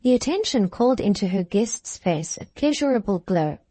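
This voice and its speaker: A woman narrating a classic novel in the first person, measured and even. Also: mid-range voice, no echo. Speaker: audiobook narrator.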